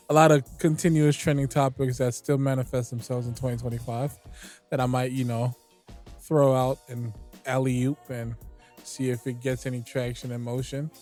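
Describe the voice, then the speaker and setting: A man co-hosting a podcast in casual chat, talking in a measured, rambling way. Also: mid-range voice, steady tone, a little mellow, soft background music. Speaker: podcast co-host.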